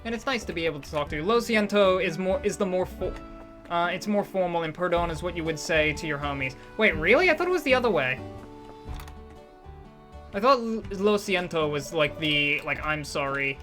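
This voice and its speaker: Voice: mid-range voice, brisk, a bit bright, faint music behind. A streamer chatting casually and rambling while playing a game, self-deprecating and often restarting sentences. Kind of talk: casual live-stream chat while gaming.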